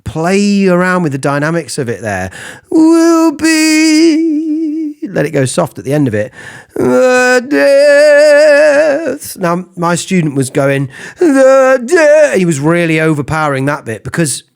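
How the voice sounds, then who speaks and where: A man giving a casual singing lesson, explaining vocal technique between falsetto sung examples. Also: expressive, brisk, few pauses. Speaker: singing teacher.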